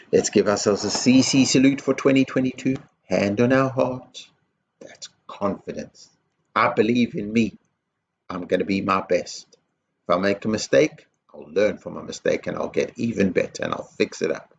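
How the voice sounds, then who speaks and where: A man leading a school assembly for young children, slow and encouraging, guiding actions and chants. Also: lowish voice, creaky, dull audio, slight background noise. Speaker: headteacher. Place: school office.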